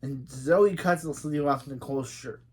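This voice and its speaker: A man hosting a reaction video who recaps a TV episode in an animated, indignant way. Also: medium pitch, normal speed. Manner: indignant, animated, retells dialogue.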